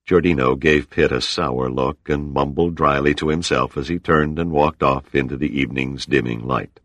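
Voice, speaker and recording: A man reading an audiobook in a steady, measured scripted narration. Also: rumbling low, no room sound.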